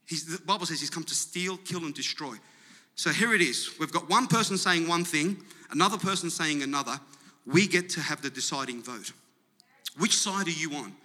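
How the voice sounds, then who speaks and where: A male pastor preaching to his congregation, his high, very bright and forceful voice climbing into emphatic, rousing calls. The sound carries a long reverb from a large church hall. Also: moderate pace. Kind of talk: sermon.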